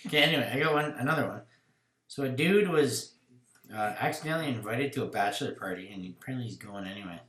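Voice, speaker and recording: A man's voice: medium pitch, lively intonation, fast talker, fairly bright tone, roomy sound. A man co-hosting a podcast in casual chat, telling crude jokes and stories with loose laughs. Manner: laughing, swearing, loose storytelling.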